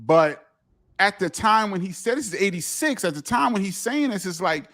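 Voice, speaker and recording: A man's voice: sits high, moderate pace. A middle-aged man, a guest telling stories in a casual interview and acting out the dialogue. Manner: animated, acts out quoted dialogue. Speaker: guest, DJ and author.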